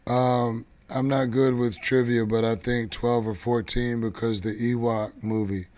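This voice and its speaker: A man hosts a casual live stream in an easygoing, rambling way. He stops and restarts his sentences often. His voice sits at an ordinary middle pitch. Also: level tone, a little mellow. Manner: rambling, halting, many restarts. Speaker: show host.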